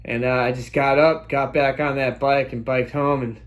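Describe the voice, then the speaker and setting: A young man telling a childhood story in a casual, animated way, full of sound effects and exclamations. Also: medium pitch, moderate pace. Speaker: storytelling vlogger.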